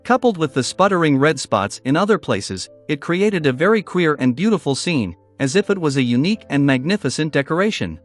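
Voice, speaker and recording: Audiobook narrator, male, fairly high, very lively intonation. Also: fairly quick, few pauses, faint music behind. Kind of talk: audiobook narration of a fantasy novel.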